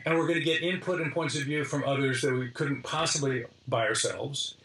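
A middle-aged man, a design lecturer as interview guest, telling stories in a lively way with frequent restarts and list-like summaries. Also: medium pitch, a little fast. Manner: lively, restarts phrases, summarizes points in lists. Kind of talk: animated interview storytelling. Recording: roomy, from a distance.

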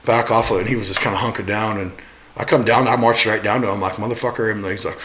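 A man swearing constantly as he tells animated work stories in a casual podcast chat. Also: fairly low pitch, fast. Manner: heavy swearing, animated storytelling. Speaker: podcast guest.

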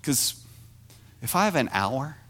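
A middle-aged man preaching a sermon as pastor, animated and self-deprecating, moving from quiet confession to near shouting. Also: mid-range voice, measured pace.

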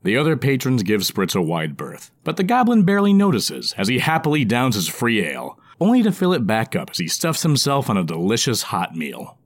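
Male storybook narrator, very expressive pitch, dry close sound. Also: a little fast, hardly any pauses, dry recording.

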